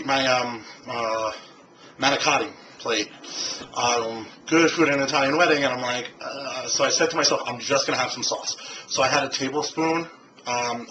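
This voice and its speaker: A man's voice: mid-range voice, background noise. A man vlogging in a rambling, casual way, full of fillers and restarts, recorded on a handheld camcorder. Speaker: video blogger. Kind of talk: casual vlog monologue. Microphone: handheld camcorder mic.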